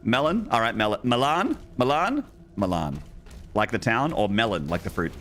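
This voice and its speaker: A young Australian gaming streamer with a lowish, fairly bright voice talks at normal speed over slight background noise. He rambles, jokes and chats casually with his viewers during a live stream.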